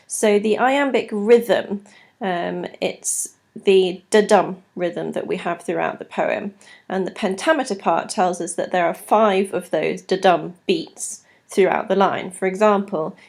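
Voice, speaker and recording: Woman teacher, poetry lesson, gravelly edge, mid-pitched, measured explaining. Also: a little mellow. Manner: clear, measured explaining, sounding out rhythms. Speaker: English teacher. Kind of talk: recorded literature lesson.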